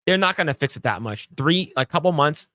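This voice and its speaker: A man's voice: fairly high pitch, lively intonation, brisk, sharp tone, no room sound. A man co-hosting a podcast, chatting casually and reading news aloud with blunt, crude jokes. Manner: blunt, joking, crude asides. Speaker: podcast co-host.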